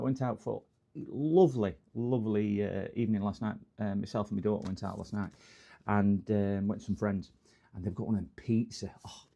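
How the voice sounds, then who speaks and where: A fairly low voice with vocal fry belongs to a middle-aged English host of a repair livestream. He rambles between topics, jokes with his viewers in a casual way, and greets the chat with warm bursts of loud hellos.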